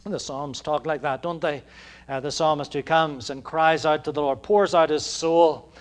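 A man's voice: on the high side, steady tone, moderate pace. A man preaching a conversational sermon, with frequent fillers and restarts, building to passionate emphasis. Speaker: pastor.

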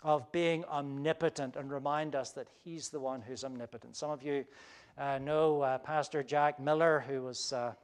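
A man preaching a sermon, earnest, building to emphatic peaks and dropping to soft quiet quotations. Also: medium pitch, fairly even intonation, moderate pace, clean tone. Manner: earnest, with swelling emphasis and soft hushed quotes. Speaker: pastor.

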